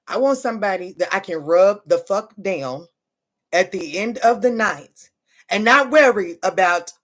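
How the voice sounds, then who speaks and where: A woman, a mother, hosts a casual tarot livestream and talks straight to her viewers. She speaks bluntly and swears freely, calling her listeners "honey" and "baby". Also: mid-range voice. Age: adult mother. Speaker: tarot reader.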